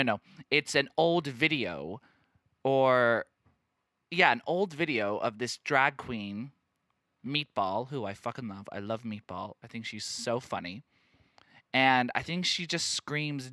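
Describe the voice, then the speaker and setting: A man hosting a podcast in casual chat, talking in a campy, animated way and laughing often. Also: mid-range voice, dry recording, studio quality. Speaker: podcast host.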